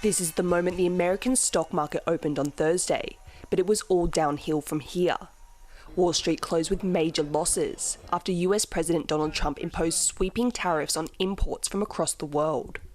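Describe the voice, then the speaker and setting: A woman delivering a scripted news report in crisp, steady narration. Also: on the low side, normal speed.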